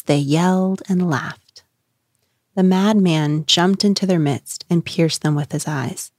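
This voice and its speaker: Measured woman reading aloud. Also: on the low side, dry recording, clean studio sound. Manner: measured, expressive. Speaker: quote reader. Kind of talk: dramatic reading.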